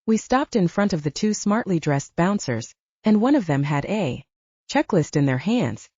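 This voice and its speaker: A woman narrating an audiobook, her voice low-set and mellow, with lively, swinging inflection. The recording is dry and close, with a slightly dull top end. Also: moderate pace, husky, no room sound. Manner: expressive storytelling. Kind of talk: scripted narration.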